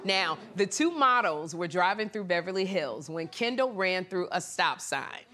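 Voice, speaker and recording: A woman talk show host doing a comedic monologue on the news, animated and laughing, slipping into squeaky high impressions. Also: measured pace. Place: television studio with live audience. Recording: studio audience cheering and noise behind.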